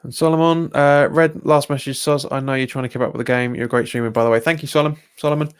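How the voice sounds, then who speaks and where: A young man with a Cockney-tinged London accent doing live watch-along commentary of a football match, reacting loudly to refereeing calls and answering viewers' chat. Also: fairly even intonation, quick pace, clear, resonant tone. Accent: Cockney-tinged London English. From England. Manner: exasperated, jumps up in pitch at bad calls, chats with viewers. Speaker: football fan livestreamer.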